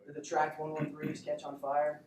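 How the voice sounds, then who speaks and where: A man lectures students in a loose, joking way, slipping into short acted-out patient exchanges. His voice sits a little higher than most men's. It comes from some distance across an echoey classroom, with faint room ambience behind. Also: monotone, normal speed, background noise. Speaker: instructor. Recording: echoey classroom recorded from afar.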